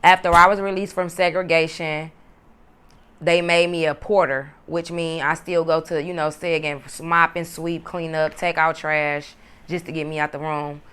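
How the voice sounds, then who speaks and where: Woman telling prison stories straight to camera, cussing a lot, lowish smooth voice. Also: normal speed. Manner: blunt, profane, animated when quoting. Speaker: former prison inmate telling her story. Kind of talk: casual storytelling to camera.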